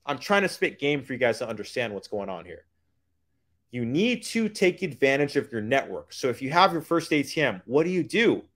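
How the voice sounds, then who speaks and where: A man giving a hyped motivational business pitch, using street slang and repeating lines for emphasis. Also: sing-song, a little fast, a bit bright. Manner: hyped, keeps calling out to "guys". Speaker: business coach.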